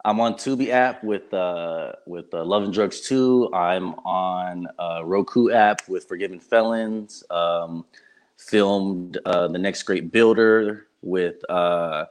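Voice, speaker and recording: Deep-voiced young man, halting. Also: smooth. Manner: many ums and self-restarts. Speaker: guest actor, former running back. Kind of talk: casual interview chat. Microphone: video call.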